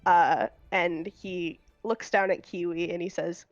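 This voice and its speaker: Slow-talking woman game master. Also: on the low side, fairly even intonation, no echo, dull audio, soft background music. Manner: unhurried, laughing, with many fillers. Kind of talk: narrating a tabletop game.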